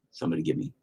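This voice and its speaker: A young man chatting casually on a livestream, rambling and swearing freely while he works on a painting at home. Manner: rambling, profane, animated. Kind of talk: casual stream chat. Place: home, indoors.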